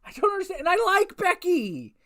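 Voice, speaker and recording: A woman's voice: very high-pitched, huge pitch swings, a little fast, fairly bright tone. A woman giving a casual review of a wrestling show, ranting with exasperated rhetorical questions and frequent swearing. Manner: repetitive restarts and rhetorical questions.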